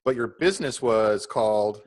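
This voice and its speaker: A man co-hosting a podcast, telling a story in a lively, teasing way and swearing now and then. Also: on the low side, normal speed. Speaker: podcast co-host. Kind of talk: casual storytelling chat.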